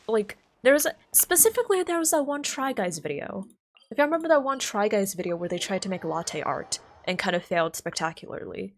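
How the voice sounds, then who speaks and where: A woman streamer in casual live-stream chat, playful and self-mocking, lower in energy than usual.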